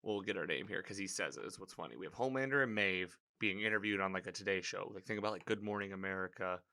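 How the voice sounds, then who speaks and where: Male recapper, somewhat low voice with a crisp, forceful edge; loose, chatty, reactive delivery. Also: fast. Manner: rambling, filler-heavy, animated reactions. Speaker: TV episode recapper. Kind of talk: casual spoken episode recap.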